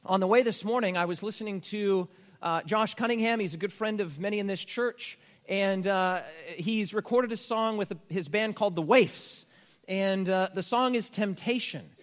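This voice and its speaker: A male pastor, delivering a sermon in a fairly high voice. He leans hard into key words and drops in wry, conversational jokes. The sound carries a long reverb from the church hall. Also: moderate pace. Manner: emphatic, rising to stress key words; conversational asides with humor.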